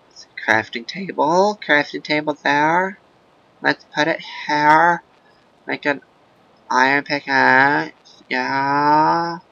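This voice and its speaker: A man doing casual, rambling video game commentary in a gravelly, goofy put-on voice, breaking into silly sing-song chants. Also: fairly high pitch, bright, forceful tone, no room sound, highs cut off. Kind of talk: casual let's-play commentary.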